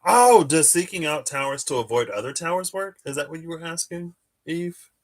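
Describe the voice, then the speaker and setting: A man with a fairly high, animated voice hosts a live tarot stream at a moderate pace. He chats casually and answers viewers' questions while his thoughts wander.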